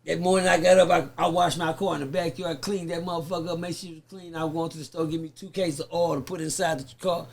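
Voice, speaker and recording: A man's voice: on the high side, fast talker, vocal fry, few pauses. A man, a podcast guest telling a profane story in casual chat and acting out the people he quotes. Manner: profane, lively, acts out the voices he quotes.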